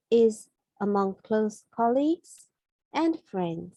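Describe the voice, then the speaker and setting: A woman from Japan with a Japanese accent gives a language lesson in a mellow, slightly husky voice. She explains slowly and carefully, often correcting herself mid-phrase. The recording is dry and close. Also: a little high, very animated, no room sound, low-quality recording. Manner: slow, careful explanations with frequent self-corrections. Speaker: Japanese teacher.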